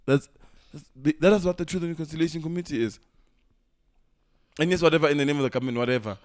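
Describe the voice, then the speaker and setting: A man's voice: a little high, racing. A young man from South Africa with a South African English accent, co-hosting a podcast in heated casual chat, swearing a lot and acting out quoted voices, recorded through a camera's built-in mic. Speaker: podcast co-host.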